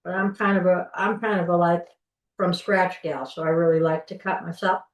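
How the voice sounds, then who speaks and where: A woman's voice: fairly low pitch, fairly even intonation, moderate pace. Chatty woman teaching cooking over a call. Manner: chatty, folksy, restarts often while demonstrating. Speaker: cooking instructor. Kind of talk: live online cooking class. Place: home kitchen. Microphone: video call from a distance. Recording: roomy kitchen, mic far off.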